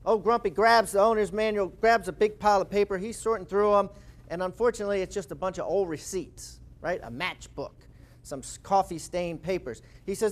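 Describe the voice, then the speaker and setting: A man in his forties, an author and speaker, telling a lively anecdote in a talk. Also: high-pitched, brisk. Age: 40s. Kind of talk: storytelling talk.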